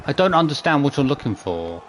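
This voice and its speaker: Exasperated male gamer with lively pitch. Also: a little fast. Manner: exasperated, swears, counts button presses aloud. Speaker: streamer playing a video game. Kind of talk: live gameplay commentary.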